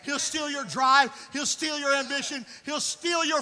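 A male pastor preaching a blunt, scolding sermon. He swings from plain talk to loud shouting. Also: very high voice, fairly even intonation, a little slow. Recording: reverberant church hall.

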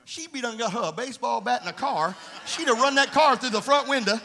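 Fervent high-voiced preacher, echoey hall. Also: male voice, fairly quick, slight background noise. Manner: fervent preaching, rising to shouts. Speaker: pastor. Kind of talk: sermon. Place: church sanctuary.

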